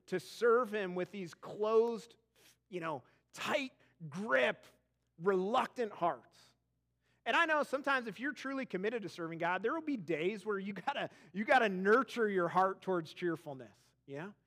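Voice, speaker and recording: Pastor, man, thirties, light high voice, animated storyteller who stumbles and repeats words. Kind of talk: sermon. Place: church auditorium.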